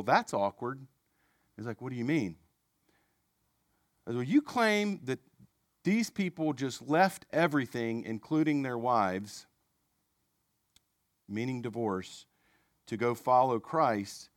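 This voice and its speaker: A man preaching a sermon, telling a story in a conversational, animated way with self-deprecating asides. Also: mid-range voice, no echo, clean studio sound.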